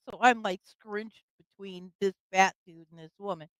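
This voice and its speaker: A woman's voice: mid-range voice, measured pace, dry recording, poor audio. An older woman telling a personal story in casual conversation, with fillers and laughs. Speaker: guest storyteller.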